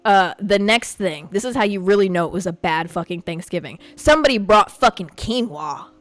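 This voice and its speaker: A young woman from a Puerto Rican family hosting a podcast, telling a story in a profane, animated rant. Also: mid-range voice, moderate pace, no echo, soft background music. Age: young adult. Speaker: podcast host. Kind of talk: casual storytelling monologue.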